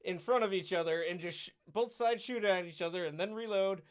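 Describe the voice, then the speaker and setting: A man in his forties co-hosting a casual podcast. He drops short, dry, joking asides in a noticeably high voice. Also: a little fast, clear, resonant tone, no echo. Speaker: podcast co-host. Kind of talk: casual chat.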